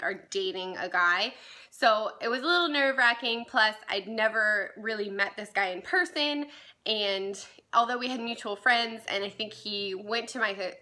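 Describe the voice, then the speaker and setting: Young woman vlogger, bright higher voice, rambling casual storytime delivery. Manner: chatty, many fillers like "like" and "um", laughs at herself.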